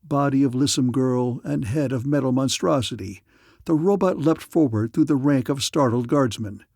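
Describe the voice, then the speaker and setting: A man's voice: medium pitch, creaky, a little mellow, dry recording, studio quality. Man narrating a sci-fi audiobook. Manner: dramatic, measured storytelling.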